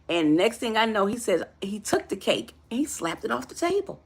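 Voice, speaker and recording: A woman's voice: a little high, lively intonation, fairly quick, gravelly, hardly any pauses, husky. A woman life coach giving an emphatic motivational talk, calling the listener honey and baby.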